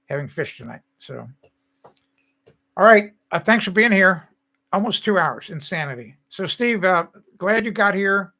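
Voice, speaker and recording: A man's voice: high voice, lively intonation, measured pace, gravelly, pushed and bright. An older man hosting a live stream, chatting casually with viewers in a rambling way and laughing often.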